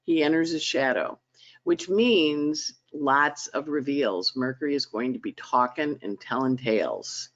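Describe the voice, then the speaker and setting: A woman's voice: rumbling low, measured pace, lo-fi sound. A woman hosting a weekly astrology forecast in a chatty, dramatic way over a conference call. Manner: animated, chatty, dramatic emphasis. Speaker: astrologer host. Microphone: conference call line.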